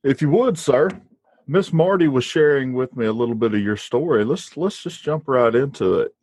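A man's voice: medium pitch, lively intonation, normal speed, a little mellow, slightly rough, no echo. A man with a Southern US accent hosting a podcast in a folksy, easygoing, polite way. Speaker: podcast host. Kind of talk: casual podcast chat.

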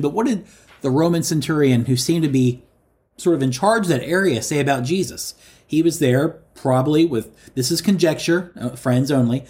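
A man preaching a sermon, calling his listeners friends and repeating each quoted line slowly for emphasis. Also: fairly high pitch, a little mellow.

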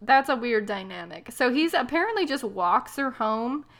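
A woman's voice: on the high side, very animated, normal speed, fairly bright tone. A young adult woman co-hosting a casual chat, sarcastic, laughing often and acting out quotes.

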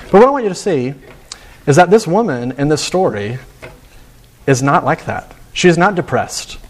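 A man's voice: a little high, sing-song, normal speed. A man preaching a sermon in an earnest, emphatic way, often repeating words as he presses a point.

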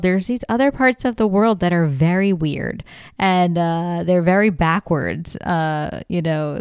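Middle-aged woman, comedy podcast host, unhurried rambling storyteller, smooth dry close-mic sound. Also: fairly low pitch, a little mellow, no echo. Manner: chatty, rambling, with frequent fillers and laughs; blunt and profane.

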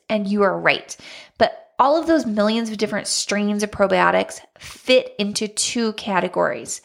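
Chatty woman podcaster, gravelly edge. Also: medium pitch, expressive, a little slow. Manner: chatty and candid, laughs often. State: recovering from illness, slowed by brain fog. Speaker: podcast host. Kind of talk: casual chat.

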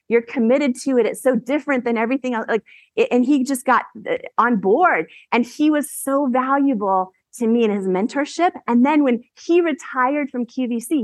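Animated woman giving a keynote. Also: high-pitched, no echo. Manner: animated, laughs often, acts out quotes. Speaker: keynote speaker. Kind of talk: motivational keynote storytelling. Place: event stage.

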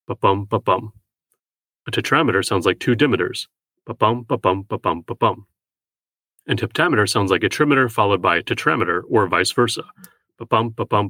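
A man hosting a poetry podcast, giving a measured, analytical scripted talk on verse. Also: on the low side, fairly bright tone, slightly rough, dry recording.

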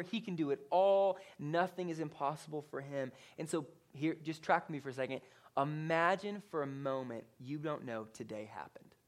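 A man, a pastor, preaching a sermon in a casual, conversational way, telling stories in an animated manner and often checking in with the congregation. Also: on the high side. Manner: conversational, animated storytelling with frequent "like" and "right?".

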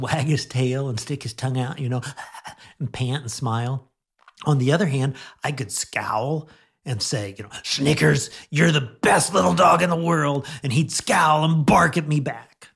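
A middle-aged man giving a conversational radio sermon, chatting gently and laughing now and then, then leading a prayer. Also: medium pitch, vocal fry, husky. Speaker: pastor.

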